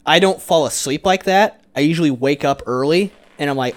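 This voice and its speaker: A young man in casual chat, animated and quick to jump in with quotes and asides while recalling old times. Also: a little high.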